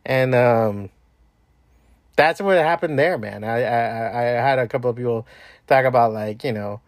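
A man's voice: medium pitch, normal speed, no echo, clean studio sound. Rambling, foul-mouthed man hosting a podcast. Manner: profane, rambling, lots of restarts and fillers. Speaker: podcast host. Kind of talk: casual rambling monologue.

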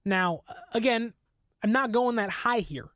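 A woman hosting a sports talk show, rambling excitedly as a fan, with many fillers. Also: a little high, measured pace, dry recording, studio quality. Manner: mock voices for quoted people. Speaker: sports podcast host. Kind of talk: casual sports commentary.

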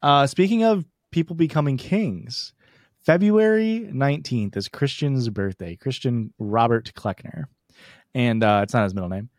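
A man's voice: medium pitch, moderate pace, a little mellow, dry recording, clean studio sound. A young man co-hosting a casual podcast, teasing and playful in banter. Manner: playful, teasing, goofy bits. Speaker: podcast co-host. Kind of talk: casual chat.

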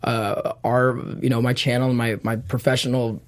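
A man, a dancer guest, telling animated stories in a casual interview, laughing often and acting out other people's lines. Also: mid-range voice, moderate pace.

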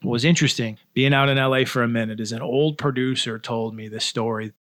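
A man in casual podcast chat, telling profane, animated stories as a guest. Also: mid-range voice, fast. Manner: storytelling, profane, animated asides. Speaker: comedy writer and guest.

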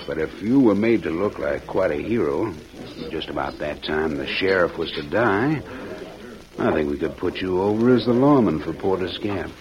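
An actor playing a scheming outlaw who talks in a smooth, coaxing way in an old radio drama. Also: male voice, low-pitched, animated, normal speed, a crowd in the background. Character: scheming scarred male outlaw, sly and persuasive. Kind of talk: 1940s radio acting. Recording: dull old radio recording.

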